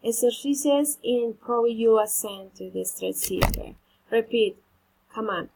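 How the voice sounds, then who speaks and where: Woman, English pronunciation lesson, slow deliberate delivery, slightly husky voice. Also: a little high, darkish tone, low-quality recording. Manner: slow, deliberate, stressing each drilled word. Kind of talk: slow instructional drilling of word stress.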